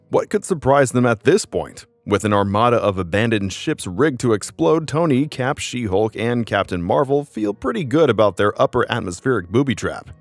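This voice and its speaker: A man's voice: mid-range voice, dry recording. A man giving dramatic scripted narration of a comic story.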